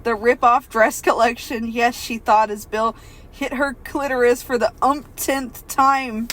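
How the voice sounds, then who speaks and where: A woman's voice: on the high side, steady tone, a little slow, fairly bright tone, slight background noise. Giggly young woman reading aloud. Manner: giggly, breaks off to comment. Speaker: podcast co-host. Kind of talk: reading a novel aloud with joking asides.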